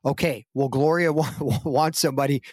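A man's voice: mid-range voice, fairly quick, dry recording, studio quality. A man telling a long anecdote in a casual podcast interview, acting out quoted lines with a lifted voice. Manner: animated anecdote-telling, acts out quotes in raised voice. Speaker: guest actor.

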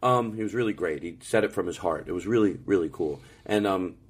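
A man's voice: sits low, brisk, slightly rough. A man co-hosting a podcast, telling rambling, profane comedic stories in casual chat from a hotel room. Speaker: podcast co-host.

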